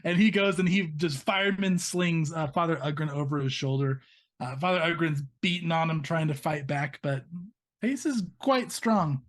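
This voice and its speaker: A man's voice: on the high side, moderate pace. A man acting as game master, narrating a tabletop game and voicing its characters, laughing often.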